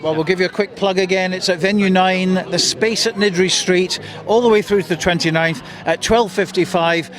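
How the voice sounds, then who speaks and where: A man's voice: high voice, steady tone, normal speed, hardly any pauses, a crowd in the background. A man presenting radio street interviews outdoors, chatty and jokey as he plugs show times.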